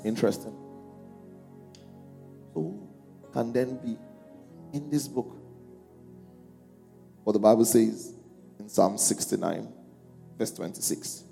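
The pastor takes it slowly, his lowish voice gravelly and mellow with long pauses. As the congregation reads along, he calls out questions and raises his voice for scripture, while music sits under an echoing hall.

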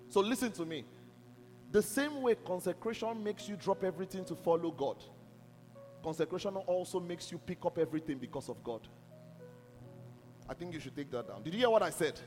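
Male preacher, high and lively delivery, insistent sermon, reverberant church hall with soft music. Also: fairly quick, long pauses. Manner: emphatic, repeatedly asks if listeners are listening.

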